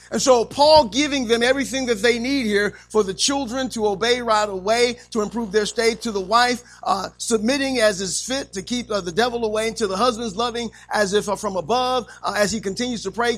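Brief: male preacher, high, bright voice, faint music underneath. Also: a little fast, low-quality recording. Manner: call-and-response, animated, frequent amens. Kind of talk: sermon.

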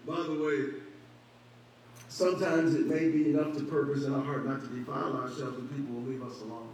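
A man's voice: mid-range voice, flat delivery, a little fast, darkish tone. A man preaching a sermon as pastor, building emphasis and acting out conversations. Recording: very echoey hall, mic far off, faint hum.

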